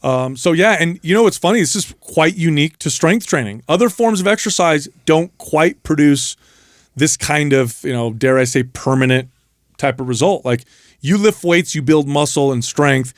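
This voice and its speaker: A man's voice: on the high side, lively intonation, moderate pace, no room sound, clean studio sound. A man hosting a fitness podcast, chatting casually and telling stories with energy. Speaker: podcast host. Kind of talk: casual chat. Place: podcast studio.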